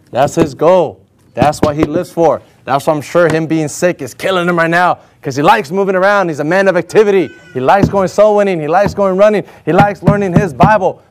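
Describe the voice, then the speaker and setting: A male preacher with a fairly high voice delivers a sermon with energetic emphasis. He keeps throwing questions at the congregation and calls for their responses as he goes. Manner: rhetorical questions and call-and-response.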